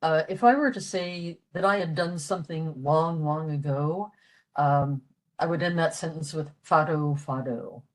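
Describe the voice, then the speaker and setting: A woman's voice: sits low, normal speed, low-quality recording. An older woman from western Pennsylvania giving a patient, explanatory library talk, with frequent fillers. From western Pennsylvania, USA. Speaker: library program presenter. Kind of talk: informal language lecture.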